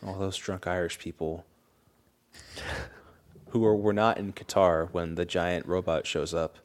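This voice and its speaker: Very deep-voiced man, sardonic explainer. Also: flat delivery, measured pace. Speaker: podcast co-host. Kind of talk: casual chat.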